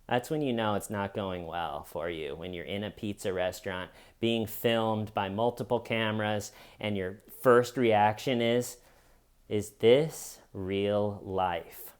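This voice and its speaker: A man's voice: fairly low pitch, measured pace, hardly any pauses, smooth. Wry sarcastic male commentator. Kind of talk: casual comedic commentary.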